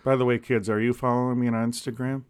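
A man co-hosting a podcast, cracking deadpan jokes in casual rambling chat. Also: medium pitch, fast talker, smooth. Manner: deadpan jokey, rambling with restarts. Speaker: podcast co-host.

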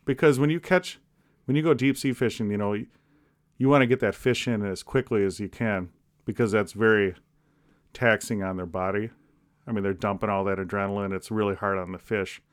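A man co-hosting a podcast, cracking deadpan jokes in casual rambling chat. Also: fairly low pitch, brisk. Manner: deadpan jokey, rambling with restarts. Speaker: podcast co-host.

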